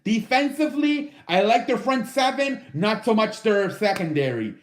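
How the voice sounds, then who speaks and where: A man's voice: high-pitched, expressive, normal speed, roomy sound. A man casually ranking football teams on his own show, loose and profane, with lots of fillers. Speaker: sports show host. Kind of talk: casual sports commentary.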